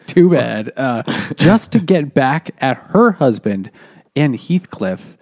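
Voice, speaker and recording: A man's voice: mid-range voice, sing-song, takes it slowly, a little mellow. A man casually retelling a novel's plot, laughing as he goes. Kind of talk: casual book-club chat.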